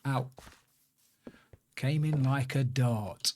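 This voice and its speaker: A man's voice: mid-range voice, extremely slow, noisy background. A man chatting casually on a live game stream, rambling to himself and greeting viewers by name. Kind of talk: casual live-stream chat while playing.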